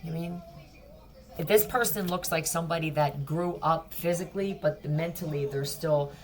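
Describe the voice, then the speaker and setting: A woman's voice: low-pitched, moderate pace. A woman giving a casual tarot reading, blunt, profane and mocking. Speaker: tarot reader.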